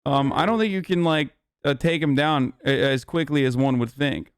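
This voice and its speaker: A man's voice: a little high, moderate pace, smooth, no room sound, clean studio sound. A man reacting to clips on a live stream, with brash, profane, joking commentary.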